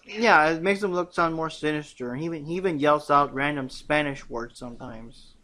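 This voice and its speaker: Higher-voiced young man, chatty fan recap. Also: fairly quick. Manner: animated, acts out quotes in voices. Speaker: podcast co-host. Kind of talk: casual fan chat about a cartoon.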